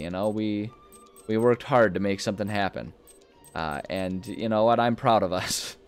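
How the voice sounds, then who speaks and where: A young man commenting casually while playing a video game, rambling and easily amused, often breaking into high-pitched laughter. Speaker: gaming video host. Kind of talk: casual let's-play commentary.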